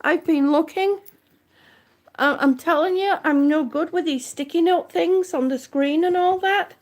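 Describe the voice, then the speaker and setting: A high-pitched woman, out of breath, chatting slowly and easily to viewers on her livestream. She talks in unhurried, looping sentences, trailing off and starting over as she reads their comments and greets them one by one. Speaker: livestream vlogger. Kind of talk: casual livestream chat reading comments.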